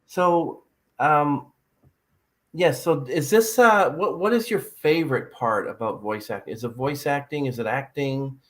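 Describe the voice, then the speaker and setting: A man's voice: fairly high pitch, measured pace, a bit bright. Rambling man hosting a podcast. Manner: rambling, hesitant, many fillers. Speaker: podcast host. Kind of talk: casual interview chat.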